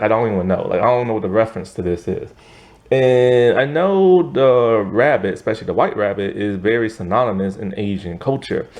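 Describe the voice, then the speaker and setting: A young man from the United States talks through a film in a loose, rambling review. He stumbles over names and restarts his sentences often. His pitch is lively and swings widely as he goes. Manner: rambling, hesitant, many fillers and restarts. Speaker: movie reviewer. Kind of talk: casual movie review.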